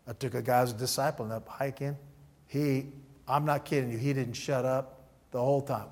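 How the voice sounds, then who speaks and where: A man's voice: mid-range voice, fairly quick. A male pastor preaching at an evening church meeting, telling stories with acted-out dialogue and teaching through numbered points. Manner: animated storyteller who acts out dialogue. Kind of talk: sermon.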